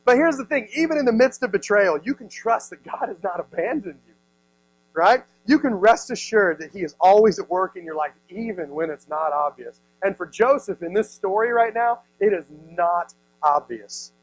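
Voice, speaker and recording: In a youth service room, a thirties-aged youth pastor plays out the characters of his story during a playful sermon, full of "like"s. His high-sitting voice is animated and at a normal speed, captured with poor audio.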